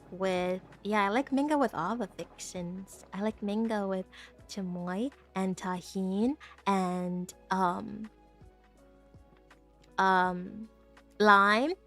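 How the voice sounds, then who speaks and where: On a live stream, a young woman chats casually with her viewers, rambling, giggling often, and stumbling over her words. She's a VTuber with a medium-pitched, fairly bright voice.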